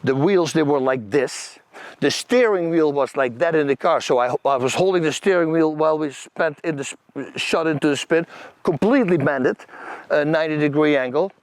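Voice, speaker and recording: Animated Dutch man telling stories. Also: fairly high pitch, moderate pace, dry recording. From Netherlands. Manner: animated, vivid, acts out scenes and quotes; loose, non-native grammar. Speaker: channel host. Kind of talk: personal storytelling monologue.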